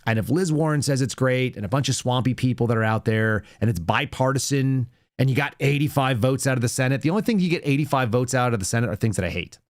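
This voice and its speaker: A man's voice: medium pitch, fast talker, few pauses, no room sound, clean studio sound. A man hosting a political commentary show, sarcastic and mocking as he reacts to news clips. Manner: sarcastic, mocking, puts on silly voices. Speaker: podcast host.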